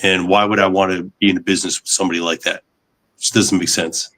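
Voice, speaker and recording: A man in a casual podcast conversation, giving calm, matter-of-fact advice. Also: low-pitched, quick pace.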